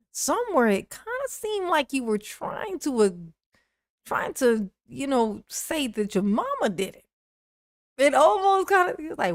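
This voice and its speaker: A woman's voice: mid-range voice, no room sound, studio quality. A woman streaming live commentary, mocking the clips she plays, laughing often and answering her viewers' chat. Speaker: streamer reacting to court clips. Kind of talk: livestream commentary.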